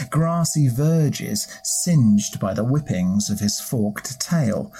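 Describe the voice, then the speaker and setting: A podcast storyteller narrating a scripted folk tale in a measured, expressive way. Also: medium pitch, breathy edge.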